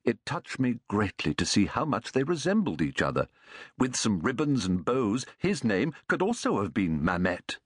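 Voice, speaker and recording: Husky guy reading a story out loud, voice goes up and down a lot. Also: on the low side, no room sound, clean studio sound. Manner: measured, expressive reading. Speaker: audiobook narrator. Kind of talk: scripted storybook narration.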